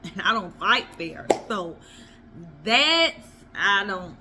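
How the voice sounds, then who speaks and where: A woman's voice: mid-range voice, big pitch swings, takes it slowly, noisy background. A woman vlogger giving blunt, emphatic relationship advice in a casual monologue. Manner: blunt, emphatic, repeats herself for effect.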